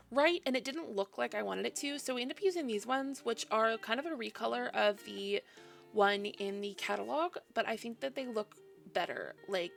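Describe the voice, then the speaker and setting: Woman, sleepy chatty game voice-over, gravelly edge, faint music behind. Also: fairly high pitch, moderate pace. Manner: chatty, self-deprecating, laughs often. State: yawning, sleepy. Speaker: Sims builder narrating a speed build. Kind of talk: casual voice-over narration.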